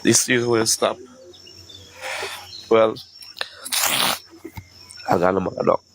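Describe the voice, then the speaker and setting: A grieving father, tearful and shaken, speaking haltingly into his phone outdoors at sunrise. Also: lowish voice, steady tone, creaky, a little hiss or hum, poor audio. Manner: halting, repeats words. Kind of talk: emotional selfie video.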